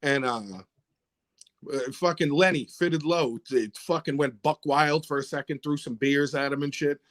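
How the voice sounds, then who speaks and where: Animated swearing man telling stories. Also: fairly high pitch, normal speed, dry recording. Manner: animated, swears often, acts out quotes. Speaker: rapper guest. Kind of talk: casual storytelling chat.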